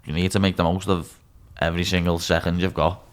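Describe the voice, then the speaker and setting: This podcast guest is a young MMA fighter from Liverpool, in his twenties, with a Scouse accent. His voice sits low and his delivery is flat and fast. He's blunt and candid, swearing freely and addressing everyone as "lad".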